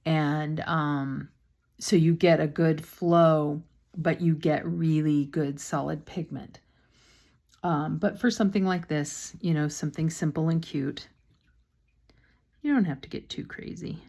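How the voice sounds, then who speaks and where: A woman's voice: deep voice, fairly even intonation, a little slow, a little mellow. A woman painting instructor talks casually through a step-by-step demonstration, with chatty, self-deprecating asides and a slightly sore throat.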